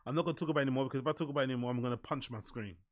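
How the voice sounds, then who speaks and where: A man hosting a live stream, ranting and swearing heavily about his football club, then calming down and muttering as he greets viewers. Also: mid-range voice, racing, very noisy. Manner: subdued and muttering after the rant. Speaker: streamer and show host.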